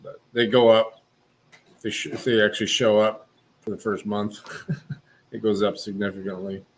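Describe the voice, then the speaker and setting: Low-voiced guy just chatting outside, laid back, explaining stuff. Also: flat delivery, moderate pace, a little hiss or hum, low-quality recording. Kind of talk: casual chat.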